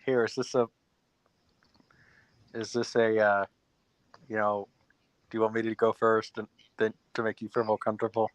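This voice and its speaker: A man's voice: lowish voice, flat delivery, normal speed, pauses often, smooth, no room sound, low-quality recording. A man hosting a live stream in casual chat, teasing a guest and often repeating his words.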